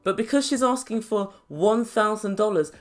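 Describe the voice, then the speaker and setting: A woman's voice: medium pitch, expressive, moderate pace. A woman reviewing a reality show, chatty and wry with sarcastic asides. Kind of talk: casual recap commentary.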